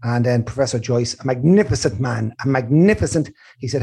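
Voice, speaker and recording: A middle-aged Irish man hosting a chat show, telling an animated story, swearing freely and doing the other people's voices himself. His voice is husky. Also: medium pitch, fairly quick. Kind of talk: casual chat.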